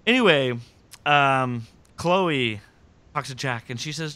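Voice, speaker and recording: A man with a mid-range voice hosts a podcast at a slow pace, casually going over a TV episode. He stays animated, voicing the characters' lines in put-on voices.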